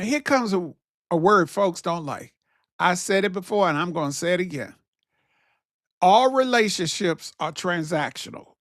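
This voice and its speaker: A man's voice: high voice, fairly bright tone, no room sound, clean studio sound. A man hosting his own talk show, speaking in a casual, preachy monologue that repeats its key phrases. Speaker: podcast host.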